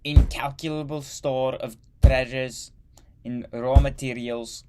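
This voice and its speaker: A man voicing a loud, fervent dictator in a put-on German accent, declaiming his words. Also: mid-range voice, fairly even intonation, slow, over music, voice pushed up, natural voice. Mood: ranting. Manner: declaiming, shouted.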